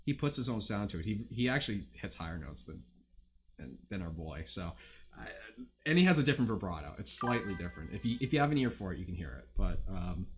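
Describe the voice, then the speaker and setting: Young man, low animated voice, casual livestream chatter, swears a lot, lots of ums, faint hiss behind. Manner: rambling, profane, lots of fillers. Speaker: livestream host. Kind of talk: casual chat with stream viewers.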